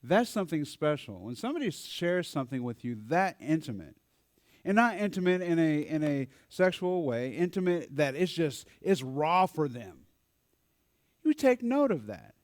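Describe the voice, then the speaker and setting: Male speaker at a church forum, somewhat high voice, very lively pitch, dry close sound, acts out quoted voices. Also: normal speed, no echo. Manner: animated storyteller who acts out quoted voices. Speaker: speaker at a mental health forum. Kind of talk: storytelling talk to a church audience.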